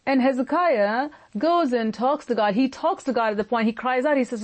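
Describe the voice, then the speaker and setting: A woman pastor preaching a sermon in an earnest, emphatic manner, often speeding up and slowing down. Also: high-pitched.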